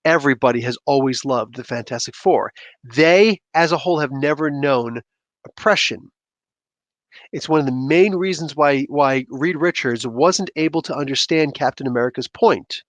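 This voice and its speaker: A man hosting a comic book review show, talking in a loose, animated and rambling way with sudden outbursts. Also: mid-range voice, normal speed, no room sound. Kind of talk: casual commentary.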